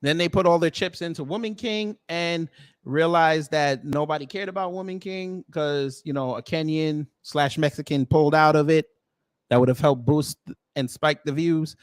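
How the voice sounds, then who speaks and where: A man's voice: fairly high pitch, normal speed, smooth, no echo, clean studio sound. An American man doing reaction commentary with a sarcastic, incredulous, slangy delivery. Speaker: commentary vlogger.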